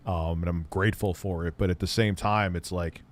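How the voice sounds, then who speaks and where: Rambling low-voiced male streamer. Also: fairly even intonation, moderate pace. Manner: rambling, profane, wry. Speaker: livestream host reacting to an old news clip. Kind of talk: casual livestream chat.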